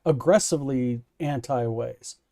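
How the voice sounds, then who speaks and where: A man's voice: mid-range voice, unhurried, mellow. A man hosting a casual livestream discussion, blunt and emphatic. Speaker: host.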